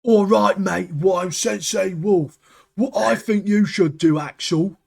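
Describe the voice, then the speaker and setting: A man's voice: measured pace, vocal fry, heavily acted. Man mocking a brash karate sensei. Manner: exaggerated mocking imitation, loud and high.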